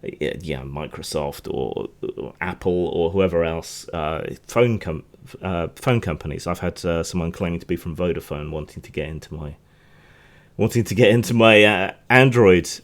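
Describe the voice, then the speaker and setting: A man with a notably deep voice hosts a news podcast. He talks in a loose, rambling way, often restarting his sentences and drifting into side remarks. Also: normal speed. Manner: rambling, chatty, frequent restarts and asides. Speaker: podcast host. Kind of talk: casual news commentary.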